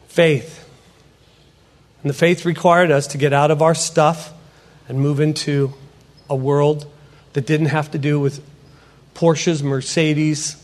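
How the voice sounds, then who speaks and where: Animated man telling his testimony, high-pitched. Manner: animated storyteller who acts out dialogue. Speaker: potter and ministry speaker. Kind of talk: testimony sermon.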